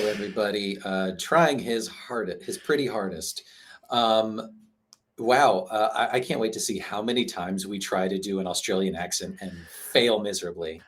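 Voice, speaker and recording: A man's voice: on the low side, moderate pace, slight background noise. A man co-hosting a casual podcast chat, joking around and laughing easily. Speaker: podcast co-host.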